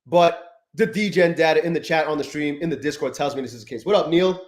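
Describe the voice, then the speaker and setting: Brief: male live-stream host, somewhat high voice, loose profane rambling, roomy echoey sound. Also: quick pace. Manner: profane, rambling, greets chat viewers. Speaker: livestream host. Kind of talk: casual live-stream chat.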